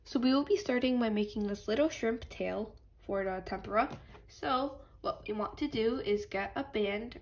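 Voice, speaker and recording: A woman with a stuffy nose from allergies, calmly talking through a step-by-step craft tutorial and apologizing now and then. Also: fairly high pitch. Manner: patient, apologetic instructions.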